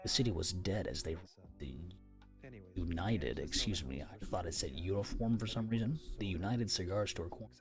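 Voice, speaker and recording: A man's voice: deep voice, normal speed, music in the background. A man reading a novel aloud on a live stream, sometimes stumbling over words and stopping to comment on them.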